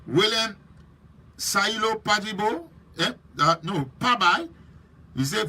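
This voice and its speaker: Husky, high-voiced Liberian man hosting. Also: unhurried. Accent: Liberian English. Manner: lively and preachy, teasing viewers by name. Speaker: host. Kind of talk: live-stream chat greeting viewers.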